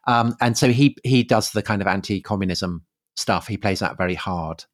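A man co-hosting a casual history podcast, halting and full of fillers. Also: on the low side, no room sound, studio quality. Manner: halting, filler-heavy, quick agreements. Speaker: podcast co-host.

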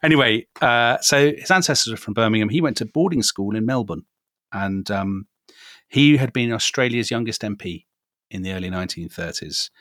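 A man's voice: fairly low pitch, animated, normal speed, a bit bright, no echo, clean studio sound. A man from Britain co-hosting a history podcast, telling the story in a wry, chatty way with asides. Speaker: podcast co-host.

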